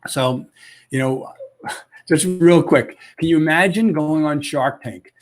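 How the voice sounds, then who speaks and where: A man with a slightly raised voice pitches his company with real enthusiasm, firing off short emphatic lists. He sounds salesy and sure of himself. The audio comes through a video call. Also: slow. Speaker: company founder pitching to sellers.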